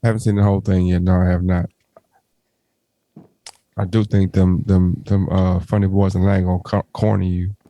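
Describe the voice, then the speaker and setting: A man's voice: deep voice, level tone, a little fast, pauses often, warm tone. A man co-hosting a podcast, chatting casually and joking around. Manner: joking, breaks into mocking put-on voices. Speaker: podcast co-host. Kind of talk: casual banter.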